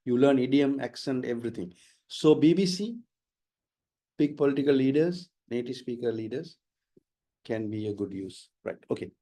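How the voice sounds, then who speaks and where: A man's voice: medium pitch, moderate pace, dark tone. A man, teaching in a webinar and answering questions with emphatic, explanatory talk that repeats key words. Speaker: IELTS trainer. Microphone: online webinar mic.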